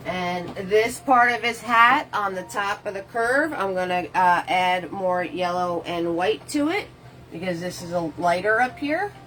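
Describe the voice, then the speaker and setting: A woman's voice: lowish voice, animated, measured pace, a bit bright, slight background noise, poor audio. A woman giving a casual live painting tutorial, chatting with viewers and walking them through each step. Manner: chatty, answers viewer comments while painting; casual, loose step-by-step instructions. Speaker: painting instructor.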